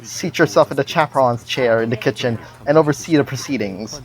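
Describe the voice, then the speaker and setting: A woman voicing a formal, deadpan little boy who speaks unusually low for a child. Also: fairly quick, rough recording.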